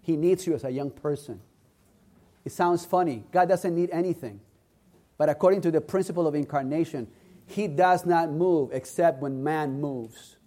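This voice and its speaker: A man delivering a sermon to a congregation, his voice sitting a little higher than most men's. He speaks earnestly and with emphasis, stacking repeated phrases into a rising cadence. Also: moderate pace, warm tone. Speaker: preacher.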